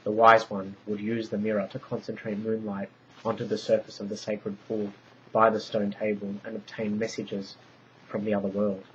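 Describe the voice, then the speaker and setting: Guy reading out a story, deep-ish voice, steady pace, muffled lo-fi audio. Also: slight background noise. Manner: measured, descriptive reading. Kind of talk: scripted narration. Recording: dull lo-fi recording.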